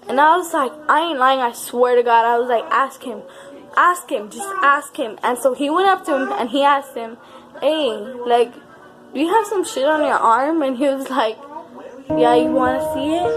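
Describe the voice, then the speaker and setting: A young woman vlogger telling a personal story in a casual, animated way, with lots of swearing and repeated words for emphasis. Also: sits high, a little slow, faint music behind.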